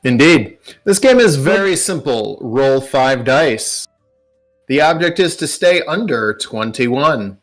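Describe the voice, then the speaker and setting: A man voicing a calm, shady male card dealer who speaks smoothly and courteously. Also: medium pitch, takes it slowly, soft background music.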